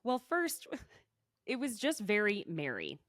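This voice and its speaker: A woman hosts a podcast in casual, chatty conversation, spinning her recap with quick asides. Her mid-range voice swings widely up and down as she talks. The sound is dry and close, with no room around it. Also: mid-range voice, huge pitch swings, a bit bright, no room sound. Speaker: podcast host. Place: podcast recording.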